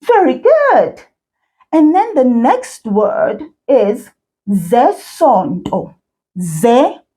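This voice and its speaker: A woman teaching children a language lesson, speaking slowly and encouragingly and repeating words for learners to echo. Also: high voice, huge pitch swings, warm tone. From South Africa.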